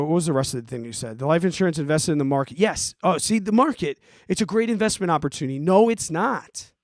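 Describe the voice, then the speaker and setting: Man in his forties, podcast host, high pitch, exasperated, emphatic, dry close mic. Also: no room sound. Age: 40s. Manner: animated, exasperated, emphatic, swears. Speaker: podcast host answering listener questions. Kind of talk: casual ranting advice podcast.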